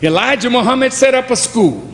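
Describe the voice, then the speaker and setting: An older man preaching a fiery sermon as a minister, rising to shouts and then dropping low. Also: lively intonation, brisk, in a large hall, slight background noise. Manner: preaching with shouted peaks and sudden drops. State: fired up.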